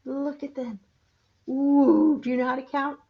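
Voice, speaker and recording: Reading a children's storybook aloud, an older woman coaxes her little grandchildren in a sing-song manner. She has a high voice with a level tone and an unhurried pace, heard through phone-quality sound.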